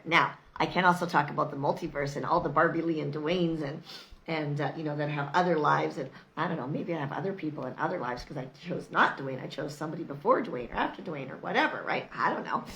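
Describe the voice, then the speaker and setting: Middle-aged woman, low gravelly voice, emphatic motivational vlogger. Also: fairly bright tone, slight background noise, rough recording. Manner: emphatic, repetitive, chatty with laughs. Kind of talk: motivational casual talk to camera.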